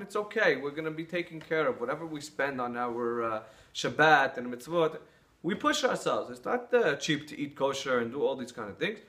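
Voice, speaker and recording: A man's voice: a little high, fairly bright tone. A man preaching an earnest sermon, telling stories and drawing lessons from them. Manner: earnest, storytelling, with some restarts.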